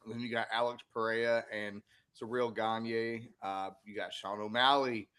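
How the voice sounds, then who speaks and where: Man, podcast co-host, casual sports chat, low-ish voice, rambling, filler-heavy. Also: flat delivery, normal speed, a bit bright, smooth. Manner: rambling, lots of fillers and restarts.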